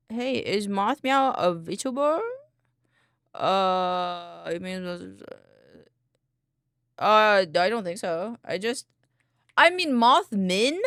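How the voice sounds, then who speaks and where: A woman hosting a livestream, chatting casually with her viewers in a bubbly, playful way, giggling often and quick to apologize or reassure. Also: on the low side, a bit bright, no room sound, clean studio sound. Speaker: livestream host. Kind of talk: casual chat with live viewers.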